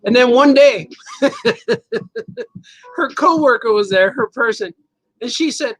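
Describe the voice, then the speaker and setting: A man's voice: very high voice, animated, unhurried, long pauses, a bit bright, no room sound, poor audio. A man hosting a casual chat show, telling rambling stories and giggling often between words. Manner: giggly storyteller, laughs often mid-sentence; rambling, playful, repeats words for effect. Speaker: host and cartoonist. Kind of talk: casual livestream chat, reading viewer comments.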